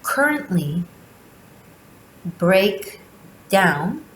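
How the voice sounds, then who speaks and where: A woman tarot reader giving a spiritual monthly reading, speaking slowly and deliberately with long pauses. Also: medium pitch, sing-song, echoey room, a little hiss or hum, poor audio. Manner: slow, deliberate delivery with drawn-out pauses.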